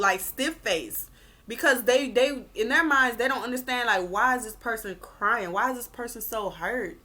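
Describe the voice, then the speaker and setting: Woman vlogger, blunt emphatic advice rant, bright edgy tone, swears freely. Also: medium pitch, slight background noise. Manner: blunt and emphatic, swears, repeats points for stress; animated, acts out quoted people. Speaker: vlogger giving relationship advice. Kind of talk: casual advice rant to camera.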